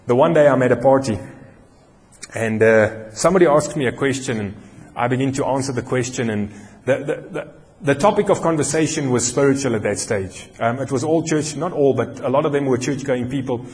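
A male pastor with a South African accent preaching a sermon, telling a story in an animated way and slowing down for emphasis. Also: mid-range voice. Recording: long hall reverb.

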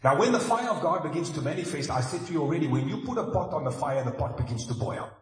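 A man's voice: fairly high pitch, lively intonation, fast talker. A man preaching a sermon in a church, conversational and mixing in humorous asides. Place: church hall. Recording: echoey hall, mic far off.

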